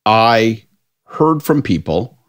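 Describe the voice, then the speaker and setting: A man from Canada, a political commentator telling a profane, animated story on a podcast panel. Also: on the low side, takes it slowly. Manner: animated, profane storytelling with lots of put-on voices. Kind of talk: casual anecdote on a podcast panel.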